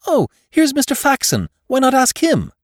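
A man voicing a cheerful, frivolous young gentleman in an audiobook. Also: extremely high pitch, wildly swooping pitch, normal speed, dry recording, studio quality, voice pushed up, exaggerated voice. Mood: jaunty. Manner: jaunty, laughing.

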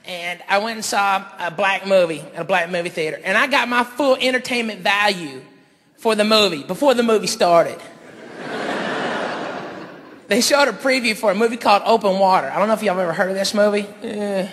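A male stand-up comedian telling an animated story on stage. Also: high voice, fairly quick, big-room sound. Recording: live comedy show, loud crowd.

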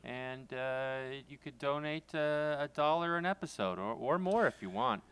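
A man's voice: on the high side, normal speed, a bit bright, clear, resonant tone. A man co-hosting a casual podcast, telling rambling stories full of fillers and self-corrections. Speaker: podcast co-host.

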